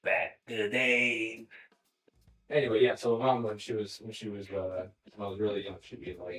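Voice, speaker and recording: Low-voiced man rambling to his chat while painting, slow and loose; roomy, distant mic. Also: flat delivery, a bit bright. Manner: rambling, talks to himself and to chat, swears casually. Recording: roomy sound from a distance, music behind.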